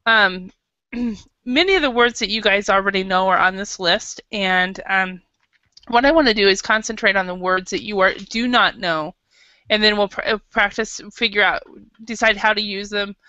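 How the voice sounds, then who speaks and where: A woman's voice: medium pitch, normal speed, sharp tone, no echo. An American woman teaching an English class, patient and hesitant, with many fillers and restarts. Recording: dull lo-fi classroom recording.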